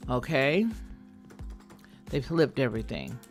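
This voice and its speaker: A woman's voice: extremely low pitch, expressive, takes it slowly, soft background music. A middle-aged woman hosting a casual live chat, thinking aloud and speaking directly to her viewers. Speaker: channel host.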